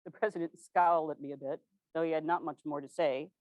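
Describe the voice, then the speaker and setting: A woman playing an earnest 1860s governor's widow, recounting events in a formal, measured period manner. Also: low voice, fairly even intonation, no echo, lo-fi sound, lightly acted. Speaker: living historian. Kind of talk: first-person historical portrayal.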